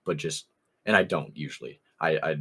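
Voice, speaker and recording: His voice rumbles low yet sounds a bit bright and husky, moving at a moderate pace. The young man co-hosting this podcast rambles through an anecdote in easygoing chat, laughing often and quoting others with "I was like."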